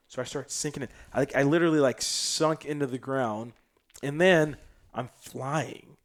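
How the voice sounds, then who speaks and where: A man from South Sudan talks as a podcast guest in loose, slangy storytelling. His mid-range voice swings from loud, excited bursts down to hushed asides as he relives the moment. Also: medium pitch, moderate pace. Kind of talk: casual storytelling chat.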